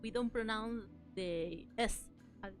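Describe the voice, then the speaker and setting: A woman whose first language is Spanish, chatting casually as a streamer host in a soft, giggly way. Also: a little high, slow pace, over music. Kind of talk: casual chat.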